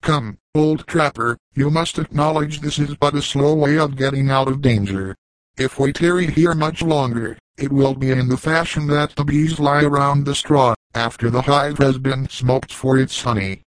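A man's voice: mid-range voice, normal speed, no echo, lightly acted, poor audio. A man doing a hearty young beekeeper. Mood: urgent. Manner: blunt, folksy.

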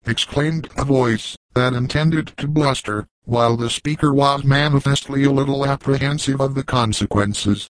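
A man narrating an audiobook in a steady, measured reading, in a dry, close sound. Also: medium pitch, no room sound, rough recording.

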